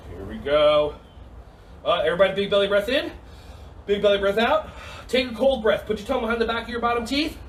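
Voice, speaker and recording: Man, kids' fitness instructor, silly and teasing, high voice, faint noise behind. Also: brisk, far from the mic, low-quality recording. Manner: silly, energetic, teasing, calls out counts and cues. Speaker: kids' yoga and karate instructor. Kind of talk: playful online kids' class. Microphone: video call.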